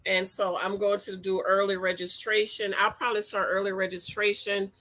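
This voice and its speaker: A middle-aged woman hosting a casual livestream about dating, reading viewer comments, animated and repeating her points in slang. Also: medium pitch, moderate pace. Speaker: livestream host and dating coach.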